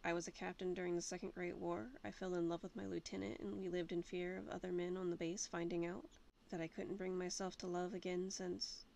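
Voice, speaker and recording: A woman's voice: lowish voice, flat delivery, brisk, creaky, a little mellow, slight background noise. A woman voicing a stiff, reserved male ghost who was an army captain, speaking in a clipped, formal way. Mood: solemn.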